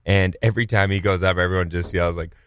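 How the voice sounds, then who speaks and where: A man's voice: sits low, steady tone, quick pace, smooth, no room sound, studio quality. A man co-hosting a morning radio show, teasing his co-host and laughing often in casual banter.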